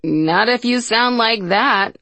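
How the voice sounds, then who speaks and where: A woman's voice: fairly high pitch, slow, creaky, bright, forceful tone, no room sound, pitched above the performer's own voice, heavily acted. A woman voicing a tough, blunt older sister who speaks in a direct, indelicate way. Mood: teasing. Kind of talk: audiobook character voice.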